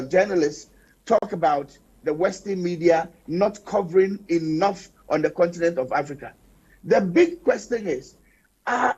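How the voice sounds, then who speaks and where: A man with a fairly high, husky voice makes his case on a studio panel. He talks in an animated, emphatic way. The sound is dull and lo-fi. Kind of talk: panel discussion.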